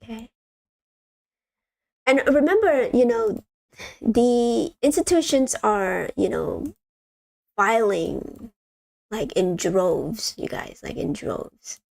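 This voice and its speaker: Slow, gravelly woman chatting on a livestream. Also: fairly high pitch, a little mellow. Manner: rambling, many ums, addresses viewers as you guys. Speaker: livestream host. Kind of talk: casual livestream chat.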